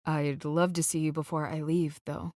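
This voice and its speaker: Brief: a woman reading as a guarded young rock star, hushed and low-pitched, bone-dry studio sound. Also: level tone, moderate pace, dry recording, natural voice. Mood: tender. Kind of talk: audiobook character voice.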